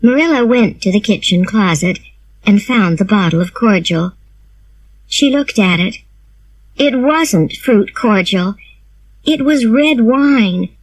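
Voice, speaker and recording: A woman reading a graded storybook aloud in a slow, clear and expressive storytelling manner. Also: mid-range voice, low-quality recording. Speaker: reader. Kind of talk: graded reader narration.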